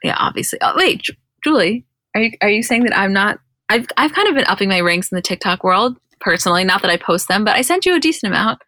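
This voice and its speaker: Bright, dry-voiced giggly woman podcaster. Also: mid-range voice, fast talker, dry recording. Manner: giggly, animated retelling with quoted voices. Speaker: podcast co-host. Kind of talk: casual podcast chat recapping episodes.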